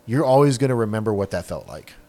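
A man's voice: lowish voice, expressive, fast talker, darkish tone. A middle-aged man in casual podcast chat, rambling and frank with lots of fillers.

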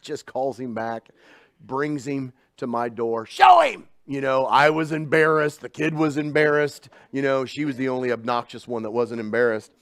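Male preacher, middle-aged, chatty storytelling sermon with big swings in loudness, dry recording. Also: medium pitch, little pitch movement, normal speed, no room sound. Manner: swings from hushed asides to loud emphatic bursts.

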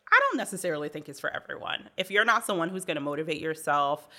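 A woman's voice: low voice, quick pace. A woman co-hosting a podcast, talking bluntly in casual chat and acting out the people in her stories. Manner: blunt, animated storyteller who acts out dialogue. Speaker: podcast co-host.

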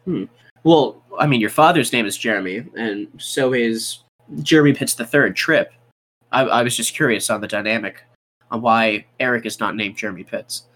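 Brief: male player, mid-pitched, courteous interrogator with easy laughs. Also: normal speed, a bit bright. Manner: polite, probing, laughs easily. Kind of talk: in-character questioning in a tabletop game.

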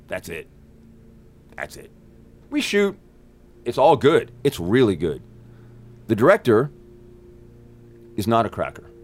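Guesting on a show, a male actor tears through wild, profane anecdotes with bursts of energy. He impersonates the people in his stories, his pitch leaping up and down with each quote.

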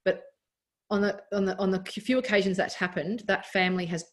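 An Australian woman in her thirties, a doctor who used to be an athlete, speaks candidly as a podcast guest in a casual interview chat, laughing often and restarting herself. Her mid-range voice is brisk with fairly even intonation.

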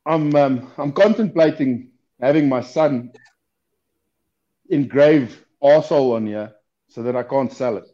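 A man's voice: mid-range voice, measured pace, pauses often, dark tone. A man chatting casually as a podcast guest over a video call, swearing and joking. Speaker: guest knifemaker. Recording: dull lo-fi call audio.

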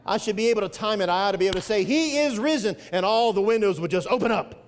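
A man with a notably high voice preaches from the pulpit, leaning hard on key phrases and drawing them out. His words ring through a church sanctuary with a long reverb trailing behind. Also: steady tone. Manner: preaching with swelling emphasis and drawn-out phrases. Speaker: pastor. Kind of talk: sermon.

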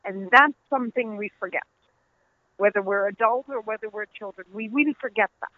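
A woman's voice: mid-range voice, a little fast, no room sound. A middle-aged woman with a Dutch accent, an author telling stories earnestly as an interview guest, laughing easily. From Netherlands. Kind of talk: conversational interview. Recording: tinny phone-line audio.

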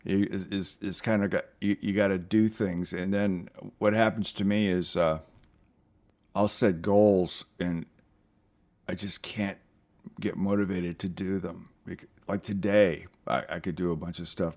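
Low-voiced guy, chill, keeps restarting what he says. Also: a little mellow. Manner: halting, restarts a lot, laid-back. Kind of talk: casual chat on a call.

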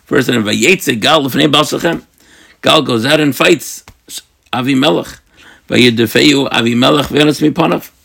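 Gravelly, husky-voiced man teaching scripture. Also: mid-range voice. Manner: reads verses aloud, then explains them in plain terms; thinks aloud, with restarts and self-corrections. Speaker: Bible teacher. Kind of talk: daily Bible study lesson.

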